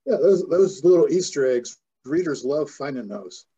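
A man's voice: a little high, animated, normal speed, dark tone, breathy edge. A man from Florida who hosts a casual author chat, speaking in an easygoing way. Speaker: host. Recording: dull lo-fi audio.

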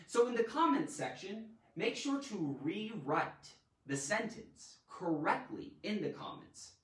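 Playful animated man teaching grammar, roomy echo. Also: high-pitched, unhurried. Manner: playful, animated, makes silly sound effects. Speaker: grammar teacher and show host. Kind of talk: live online grammar lesson. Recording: roomy echo, mic at a distance.

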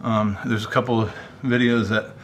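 A man filming a solo ghost-hunting vlog, excited and coughing, short of breath from the dust. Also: fairly low pitch, normal speed, a little hiss or hum. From United States. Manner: excited, exclaiming to viewers. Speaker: paranormal investigator vlogger.

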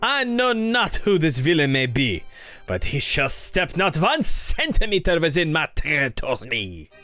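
A man's voice: fairly high pitch, sing-song, a little slow, pushed and bright, soft background music, pitched below the performer's own voice, exaggerated voice. A man voicing a haughty aristocratic male bird who talks in a pompous, commanding way. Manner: pompous, lordly.

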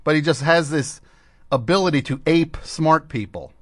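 A man's voice: a little high, normal speed, a bit bright, no room sound. A man hosting a radio show, mocking a clip with sarcastic, laughing commentary into a studio microphone. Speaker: radio host.

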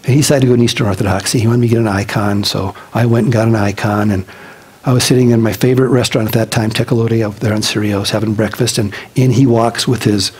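A pastor giving a casual, chatty sermon, telling personal stories in an animated way and laughing along the way. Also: male voice, lowish voice, fast talker, breathy edge, poor audio.

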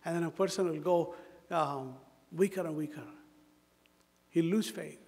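High-voiced Indian pastor preaching in a church hall. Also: male voice, unhurried, a little mellow. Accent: Indian English. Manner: emphatic, repeats phrases, asks the congregation rhetorical questions. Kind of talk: sermon. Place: church sanctuary. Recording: long reverb of a church hall.

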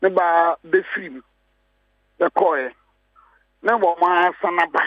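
A man's voice: high voice, takes it slowly, no room sound. A man with a Ghanaian accent, a political guest on a radio panel, mixing languages and hammering his points with repeated phrases. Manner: emphatic, repeats key phrases. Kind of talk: heated radio panel talk. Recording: muffled dry studio sound.

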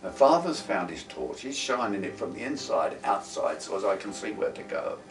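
A man, telling wartime memories in a lively, folksy way with plenty of asides. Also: on the low side, normal speed. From London, England. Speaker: interviewee, wartime veteran. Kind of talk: casual spoken recollection. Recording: roomy, distant mic with faint guitar music.

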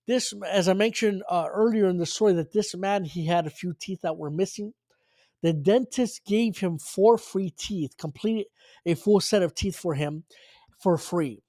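A high-pitched man preaches in an earnest storytelling way, restarting phrases and leaning on fillers as he recounts a testimony. The sound is close and dry, with no room echo. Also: measured pace, mellow. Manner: earnest, retelling dialogue with frequent restarts and fillers.

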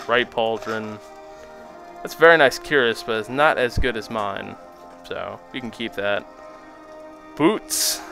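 A young man giving casual, joking commentary while he plays a video game. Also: mid-range voice. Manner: joking, self-mocking, animated. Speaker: let's play host.

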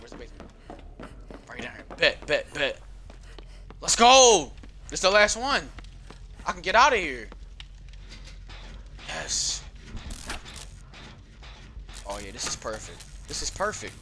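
Excitable young man narrating his gameplay. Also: medium pitch, background noise. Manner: excitable, frustrated, repeats phrases, slangy. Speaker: gaming YouTuber. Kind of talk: live gameplay commentary.

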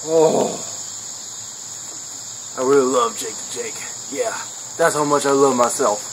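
A young man doing a goofy comedy sketch, bragging in a deadpan way, recorded outdoors. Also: medium pitch, a little slow, rough recording. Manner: goofy, deadpan self-praise. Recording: outdoor insect noise behind.

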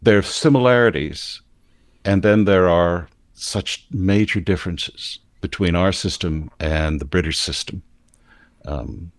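In a casual news discussion, a Philadelphia-area man co-hosts and talks through topics in lengthy explanations. His deep voice moves a little slowly, and the sound is clean studio quality without echo, carrying a standard American accent.

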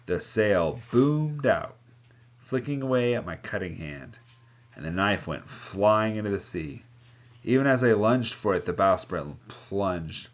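A man's voice: on the low side, animated, unhurried. A man reading a novel aloud, voicing the characters and breaking off now and then to comment. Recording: dull lo-fi sound.

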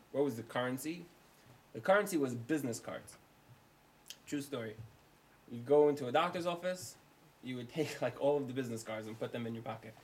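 A male rabbi tells a long story to an audience and acts out the dialogue in lively voices. He is from the United States, and his pitch sits in a middle range for a man. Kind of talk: storytelling lecture.

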